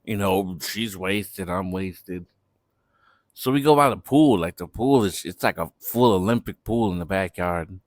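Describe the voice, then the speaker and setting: A man's voice: low voice, unhurried, no room sound. A young man telling a party story in a laid-back, slangy way. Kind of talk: casual storytime vlog.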